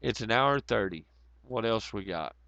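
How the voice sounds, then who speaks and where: Gravelly, swearing livestream host. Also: male voice, lowish voice, expressive, moderate pace, pushed and bright, dry recording. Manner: profane, rambling, sarcastic. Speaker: livestream host reading chat. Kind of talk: casual livestream chat. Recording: dull lo-fi audio.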